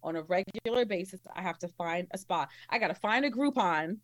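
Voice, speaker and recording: A woman's voice: medium pitch, lively intonation, a little fast, no room sound. Candid woman guest, dry sound. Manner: candid, laughs easily. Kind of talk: casual interview chat.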